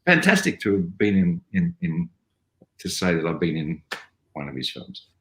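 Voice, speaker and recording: An older man with an Australian accent, telling rambling, animated stories as an actor guest on a video call. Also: low-pitched, moderate pace, reverberant, slight background noise, poor audio. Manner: rambling, animated storytelling with mimicry. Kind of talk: casual interview anecdotes.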